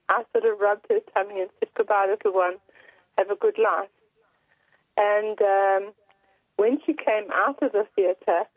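A woman calls a radio show and tells her story haltingly, full of ums. Her voice comes through a tinny, narrow phone line. The sound is dry. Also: medium pitch, no room sound. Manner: hesitant, many fillers. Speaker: caller.

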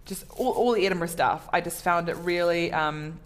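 A woman's voice: on the low side, moderate pace. A woman comedian chatting casually in an interview, talking in a self-deprecating way with many fillers and restarts. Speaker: comedian guest.

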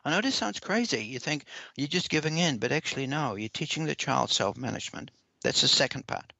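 A man answering interview questions in a measured, earnest way, often repeating words as he explains. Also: mid-range voice, animated, gravelly, sharp tone, dry recording. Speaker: parenting expert guest. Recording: dull lo-fi dry recording.

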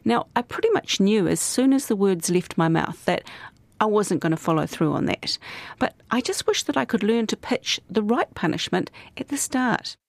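A woman hosting and narrating a podcast in a measured, scripted way. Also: mid-range voice, vocal fry, dry recording. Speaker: host narrator.

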